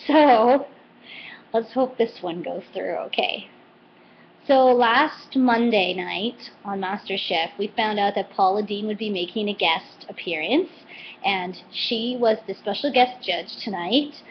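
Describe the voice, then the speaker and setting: A woman vlogger chatting casually and animatedly as she recaps a TV cooking show episode. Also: mid-range voice. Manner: chatty and animated, quoting with put-on voices. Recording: slightly dull lo-fi home recording with faint noise.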